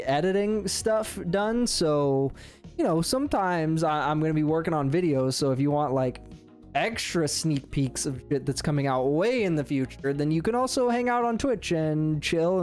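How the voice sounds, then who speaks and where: A man's voice: a little high, darkish tone. A young man casually reacting to a manga chapter, rambling and swearing freely with lots of fillers and restarts.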